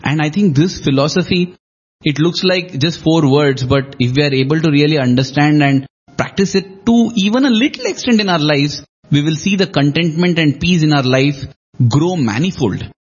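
A man in a relaxed spiritual discussion, retelling a story and explaining its lesson in a reflective way. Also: fairly high pitch, moderate pace, breathy edge. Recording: dull lo-fi recording.

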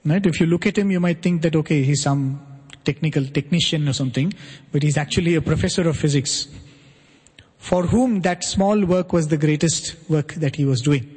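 A man telling an earnest devotional story to an audience, often checking in with a quick "right?". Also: a little high, darkish tone, breathy edge. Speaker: spiritual speaker. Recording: long hall reverb.

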